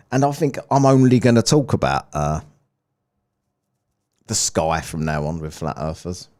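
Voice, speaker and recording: Mocking man with a lively voice. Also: low voice. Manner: mocking, swears freely. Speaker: host reacting to a stream. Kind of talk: casual live commentary.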